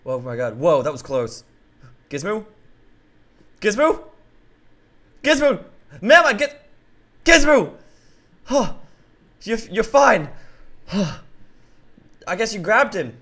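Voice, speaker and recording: A man hosting a game roleplay who talks excitably and keeps yelling out names and exclamations. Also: high voice, slow pace, long pauses.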